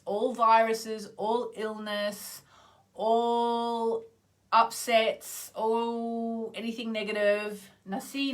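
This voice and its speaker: Chatty Australian woman on a video call. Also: medium pitch. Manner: chatty and meandering, with swings between loud exclamations and soft trailing endings. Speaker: astrologer hosting a live chanting session. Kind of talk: casual live-stream chat.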